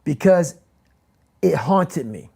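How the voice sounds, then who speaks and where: A man's voice: on the high side, animated, slow pace, creaky, dark tone, breathy edge. Intense man repeating his points. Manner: intense, emphatic, repeats key phrases. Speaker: interview guest. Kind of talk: motivational interview talk.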